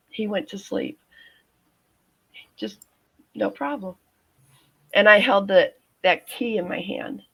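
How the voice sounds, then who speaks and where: Woman, 50s, guest telling her own story; gravelly, halting delivery, dull lo-fi recording. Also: mid-range voice. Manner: halting, many restarts and fillers. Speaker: guest, nurse. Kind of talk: personal storytelling in interview. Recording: dull lo-fi audio.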